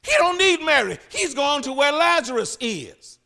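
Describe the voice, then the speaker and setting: Male pastor, high and bright, dramatic sermon delivery. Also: sing-song, normal speed. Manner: preaching with sudden swings from loud to hushed, acting out Bible voices.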